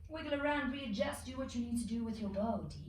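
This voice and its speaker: A woman's voice: fairly high pitch, quick pace. Echoey, distant yoga instructor woman. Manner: calm, flowing cues with soft exhales between moves. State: slightly out of breath. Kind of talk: guided yoga class instruction. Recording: echoey room, distant mic, faint noise.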